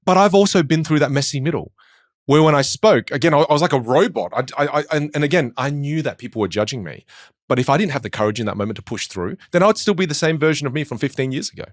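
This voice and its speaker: A man speaks quickly, and his pitch swings widely as he explains his ideas. He is a communication coach in a podcast conversation who acts out other people's lines with energy. The sound is dry and close. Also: dry recording. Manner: animated, acts out quoted voices.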